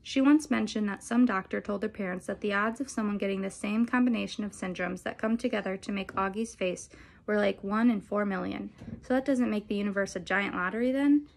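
Woman reading a novel aloud, calm and measured, mid-pitched voice. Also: vocal fry, slight background noise, low-quality recording. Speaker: audiobook reader.

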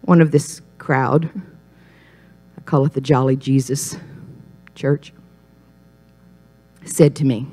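A woman's voice: steady tone, moderate pace, long pauses. A woman giving a personal testimony sermon, telling stories and building to emphatic, rising points. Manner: emphatic, storytelling, swells louder and higher on key points. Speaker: speaker at a Christian ministry.

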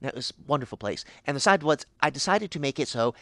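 A man voicing an ancient, cheerfully unhinged pixie in a fan animation, rambling with sudden high squeals. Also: animated, fast, fairly bright tone, dry recording. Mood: giddy rambling. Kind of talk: character monologue for fan animation.

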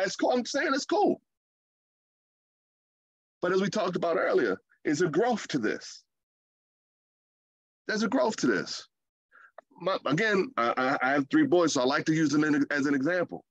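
Man, forties, casual sermon, fairly high voice, dry dull sound. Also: normal speed, long pauses, dry recording. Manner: animated, conversational preaching with playful asides and acted quotes. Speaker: preacher.

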